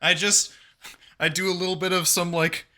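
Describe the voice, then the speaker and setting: Bright, joking man playing a tabletop game. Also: sits high, little pitch movement, moderate pace. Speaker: player. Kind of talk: casual tabletop play.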